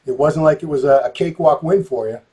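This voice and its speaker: A man hosting a casual interview in a relaxed way. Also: a little high, fast, slightly rough. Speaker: interview host.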